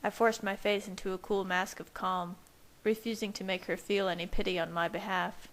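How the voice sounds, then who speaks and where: A woman reading fanfiction aloud as first-person narration in a steady, even manner. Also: mid-range voice, moderate pace, low-quality recording. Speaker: fanfiction reader. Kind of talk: audiobook-style narration.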